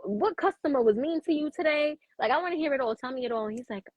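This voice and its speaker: A woman chatting as a guest on a livestream. She tells stories and quotes others in lively voices. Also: high-pitched, fast, no echo, highs cut off. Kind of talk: casual chat on a livestream.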